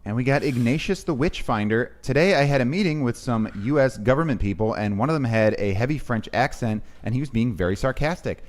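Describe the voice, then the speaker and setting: A man's voice: medium pitch, lively intonation, brisk, few pauses. A man co-hosting a podcast, reading listener messages aloud in a dry, laid-back way.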